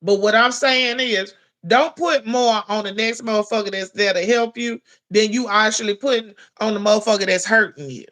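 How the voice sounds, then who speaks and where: A woman's voice: mid-range voice, moderate pace, fairly bright tone. A woman giving a heated, profane commentary rant, blunt and scolding. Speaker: commentary vlogger.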